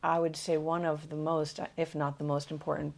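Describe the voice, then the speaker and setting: A woman hosting an interview podcast, attentive and affirming, giving frequent soft acknowledgements. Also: sits low, flat delivery, normal speed, creaky. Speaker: podcast host. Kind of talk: interview conversation.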